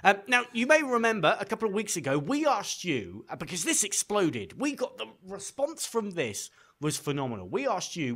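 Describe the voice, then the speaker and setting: A man's voice: sits high, wildly swooping pitch, moderate pace, few pauses, fairly bright tone, slightly rough. A man co-hosting a video game podcast in casual, teasing banter. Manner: teasing, playful. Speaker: podcast co-host.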